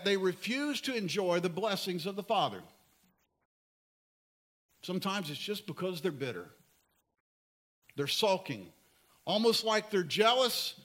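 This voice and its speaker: A man preaching a sermon as pastor, earnest and pleading, at times dropping to soft emphasis. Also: high-pitched, lively intonation, unhurried, pauses often.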